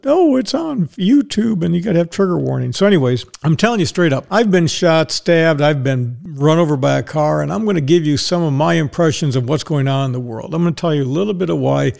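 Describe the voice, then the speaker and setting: A man from Dallas hosts his podcast in a loose, joking monologue. His voice sits a touch high for a man and has a gravelly fry. He talks bluntly and rambles from one point to the next. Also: a little mellow. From Dallas, Texas. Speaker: podcast host. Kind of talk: casual monologue.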